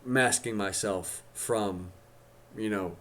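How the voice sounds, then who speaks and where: A man in his thirties hosting a livestream, picking apart a film's psychology in a casual, halting way, restarting his sentences often. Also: lowish voice, fairly bright tone. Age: 30s. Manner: analytical, halting with many restarts. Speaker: stream host.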